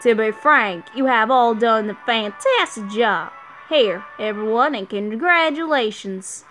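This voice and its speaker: A pompous lion-headed king , put on by a woman, who holds forth in a big flat monotone. The voice sits fairly high for all its bluster. Faint music plays underneath. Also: measured pace, exaggerated voice. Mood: grandiose. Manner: grandiose, speechifying.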